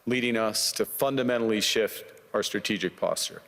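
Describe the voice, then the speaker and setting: A man from Canada delivers a formal prepared speech in a measured, rhetorical way. His voice sits fairly low. The clip carries a long reverb tail. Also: a bit bright. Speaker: political leader giving a speech.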